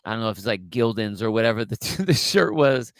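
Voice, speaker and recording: A man's voice: lowish voice, animated, brisk, dry recording. A middle-aged man co-hosting a podcast, rambling through an old memory in casual chat with frequent restarts. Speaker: podcast co-host.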